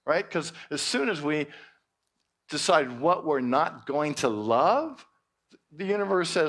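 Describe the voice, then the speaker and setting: A male minister preaching at a church service in an expressive way with playful exclamations. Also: a little high, takes it slowly. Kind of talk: sermon.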